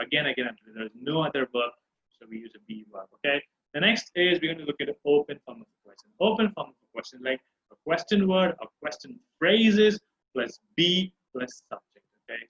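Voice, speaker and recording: A man's voice: fairly high pitch, fairly bright tone, lo-fi sound. A man with a Tamil accent teaching English grammar, mixing in Tamil and repeating example questions with exaggerated rising tones. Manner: switches between English and Tamil, repeats phrases with exaggerated intonation. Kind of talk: classroom grammar lesson.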